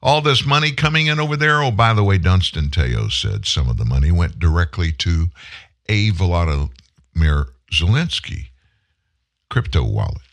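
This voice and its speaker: Animated man in political commentary. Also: sits low, moderate pace. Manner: animated, indignant, rhetorical questions. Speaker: host.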